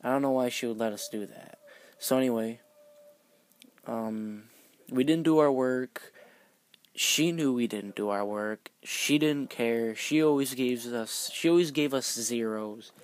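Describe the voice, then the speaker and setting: A man's voice: mid-range voice, unhurried, no echo. A teenage boy vlogger telling a school story in a casual, rambling way, full of "like" fillers. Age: teens.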